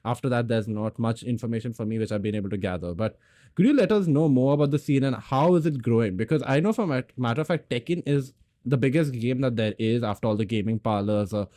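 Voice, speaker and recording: A man's voice: mid-range voice, dark tone, no echo. A man hosting a casual podcast, asking long winding questions. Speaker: podcast host.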